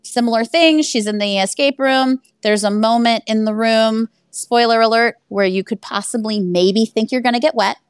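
A woman's voice: a little high, moderate pace, few pauses, smooth, no echo, studio quality. A woman who owns an escape room, telling stories animatedly in a casual interview and laughing along the way. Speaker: guest.

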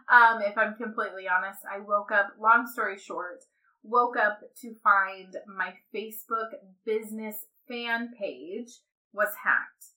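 A woman's voice: mid-range voice, bright, forceful tone, poor audio. A woman hosting her own podcast, talking candidly and casually to listeners and laughing often. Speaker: podcast host. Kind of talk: casual solo podcast chat.

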